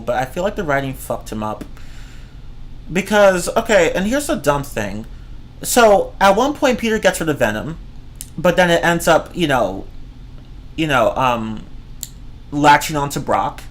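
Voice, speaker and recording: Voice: medium pitch, sing-song, normal speed. A streamer ranting casually about movies, rambling and swearing, often breaking into laughter. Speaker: streamer reviewing films. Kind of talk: casual rant.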